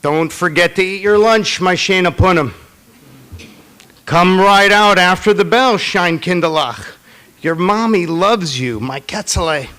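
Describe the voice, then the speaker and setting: A man's voice: high-pitched, measured pace, pushed and bright. A man putting on a doting Jewish mother. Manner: fussy, cooing, full of Yiddish pet names. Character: doting older Jewish mother fussing over her small son.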